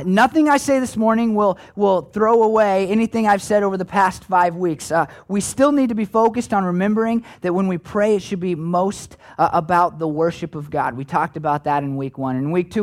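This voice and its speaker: A man preaching a sermon in a conversational, folksy way with playful asides. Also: sits high. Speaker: pastor.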